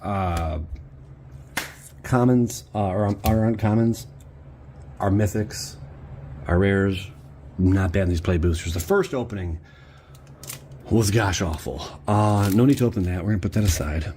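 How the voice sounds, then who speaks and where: A man chatting casually to viewers as he opens card packs, rambling and excitable with slangy asides. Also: low-pitched, a little slow, pauses often, a little hiss or hum. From Cleveland area, Ohio. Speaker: card-opening streamer. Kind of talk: casual chat while opening card packs.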